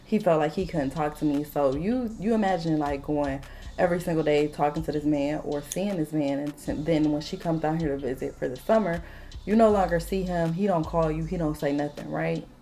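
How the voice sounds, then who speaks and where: A woman in her late twenties telling a casual storytime while doing her makeup, blunt, animated and full of profanity. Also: deep voice, a little fast. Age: late 20s. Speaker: vlogger.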